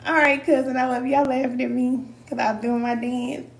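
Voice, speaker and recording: A woman's voice: high-pitched, flat delivery, a little fast, vocal fry. A woman hosting a live stream as a spiritual teacher, talking casually and encouragingly to viewers, calling them cousin and repeating herself for emphasis. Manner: loose colloquial speech. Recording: echoey room, distant mic, faint hum.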